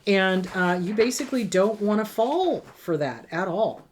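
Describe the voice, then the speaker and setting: A woman's voice: mid-range voice, expressive, measured pace, a little hiss or hum. Emphatic, blunt woman therapist. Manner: emphatic, blunt, acts out abusers in mocking voices. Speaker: therapist answering viewer questions. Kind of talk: live Q&A advice talk.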